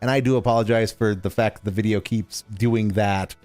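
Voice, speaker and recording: A man's voice: fairly low pitch, fairly even intonation, a little fast, darkish tone, no room sound, faint music behind. A man hosting a game stream, commenting sarcastically and mockingly with lots of swearing and restarts.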